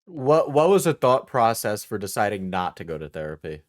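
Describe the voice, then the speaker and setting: A man's voice: lowish voice, sing-song, normal speed. A man co-hosting a livestream, asking a caller long, rambling questions. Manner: asks probing questions, rambling. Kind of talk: casual chat.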